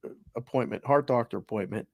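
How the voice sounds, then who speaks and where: A man at a middle pitch talks on a podcast in a dry, close recording. He reflects with emotion, his sentences often trailing off or restarting. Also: quick pace, gravelly, darkish tone, no echo. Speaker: co-host. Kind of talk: casual podcast chat.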